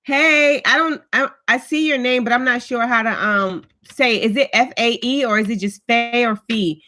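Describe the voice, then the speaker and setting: This female vlogger's voice is fairly high, pushed and bright, at a normal pace. Streaming live from indoors at home, she tells stories casually and greets commenters by name.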